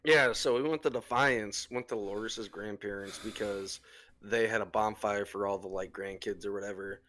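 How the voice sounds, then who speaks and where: A man's voice: on the low side, fairly even intonation, moderate pace, a bit bright, a little hiss or hum. A young man co-hosting a podcast, telling a rowdy party story in casual chat with plenty of swearing. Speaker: podcast co-host.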